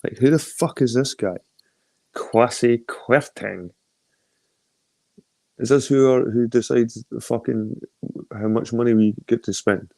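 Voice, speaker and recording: A man's voice: mid-range voice, little pitch movement, moderate pace, gravelly, warm tone, no room sound. A middle-aged man with an Edinburgh Scottish accent chatting casually and profanely on a phone live stream, greeting viewers by name. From Scotland. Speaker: livestream host.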